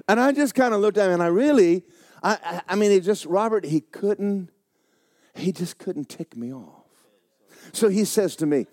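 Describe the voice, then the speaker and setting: Male pastor, sermon storytelling, animated, laughs a lot, fairly high voice, lively swings in pitch, dry close sound. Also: moderate pace, dry recording. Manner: animated, laughing often, dropping suddenly quiet for emphasis. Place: church sanctuary.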